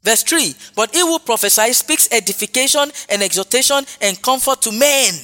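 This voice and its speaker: A man delivers a sermon at a moderate pace, his very high-pitched voice expressive, pushed and bright. He repeats phrases with emphasis and says hallelujah often. Long hall reverb and faint music can be heard.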